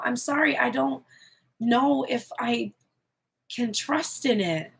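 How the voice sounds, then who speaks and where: Gravelly, husky woman reading tarot. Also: fairly high pitch, slow pace. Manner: candid, expressive, swears freely. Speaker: tarot reader.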